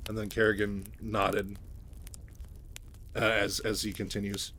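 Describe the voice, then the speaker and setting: Low-voiced man retelling a novel casually, chatty asides, faint noise behind. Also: completely flat delivery, unhurried, pauses often, bright, forceful tone. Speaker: storyteller.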